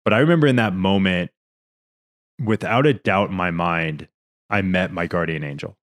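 A young male podcast co-host with a low-pitched voice speaks at a moderate pace. In casual podcast conversation, he earnestly rambles through an emotional story, restarting frequently and nearly in tears.

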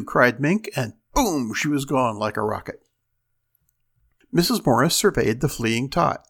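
A man hosting a reading show, introducing pieces and reading a story aloud with expressive delivery. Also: mid-range voice, unhurried, husky. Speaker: host and reader.

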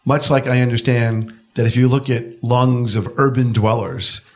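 A man's voice: mid-range voice, steady tone, normal speed. A man hosting an interview, asking short questions and adding quips. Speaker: host.

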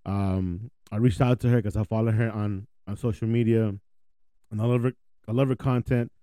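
A man's voice: fairly low pitch, steady tone, moderate pace, mellow, clean tone, no room sound, studio quality. A man hosting a podcast in casual, slangy chat from the United States, laughing easily. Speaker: podcast host.

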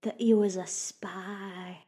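A woman voices a chatty institute clerk who feeds on gossip. Her tone is mellow and dark, with homely turns of phrase. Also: mid-range voice, steady tone, slow, breathy edge. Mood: gossipy.

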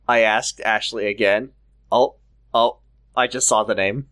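A man's voice: lowish voice, steady tone, a little slow, a bit bright. A man reading a fan story aloud for laughs, hamming up the lines and joking between them. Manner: jokey, over-the-top dramatic reading. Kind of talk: comedic dramatic reading with chat.

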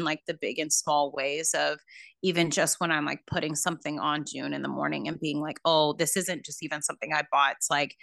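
A woman with a low but bright, forward voice, speaking in a reflective, heartfelt way as a podcast guest. She leans on plenty of "like" and "you know" as she talks. The sound is close and dry. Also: creaky, no echo. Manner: reflective and heartfelt, heavy on filler words. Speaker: new mother. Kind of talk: casual podcast conversation.

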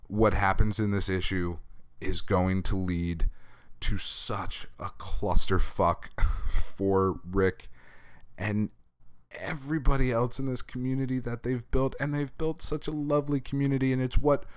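A man casually reviewing comics on a podcast, his voice hoarse from being sick, talking candidly with swearing and laughs. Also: lowish voice, a little slow, no echo, studio quality. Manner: candid, profane, animated rants with laughter. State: hoarse from recent illness. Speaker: comic book podcast host.

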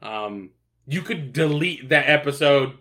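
A man's voice: a little high, expressive, a little slow, sharp tone. A young man in casual podcast chat, laid-back and swearing often, with lots of fillers and restarts. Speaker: podcast co-host.

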